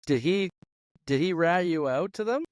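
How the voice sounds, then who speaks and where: A man's voice: on the high side, expressive, moderate pace, no echo, clean studio sound. A man hosting a podcast, reacting briefly and asking follow-up questions. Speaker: podcast host. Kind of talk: casual chat.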